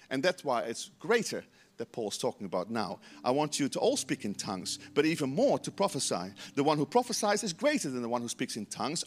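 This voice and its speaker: A man preaching a lively sermon as pastor, acting out quoted voices with emphasis. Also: high voice.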